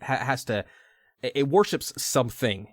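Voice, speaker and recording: Reading narration of a video game story for his podcast, a man keeps cutting in with jokes. He speaks at medium pitch, animated and at a moderate pace, in a studio-quality recording with no echo.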